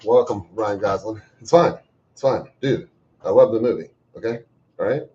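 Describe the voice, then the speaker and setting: A man hosting a livestream, chatting casually and reading out viewer comments with profane, joking bursts of loud emphasis. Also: fairly low pitch, moderate pace. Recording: slightly dull lo-fi stream audio.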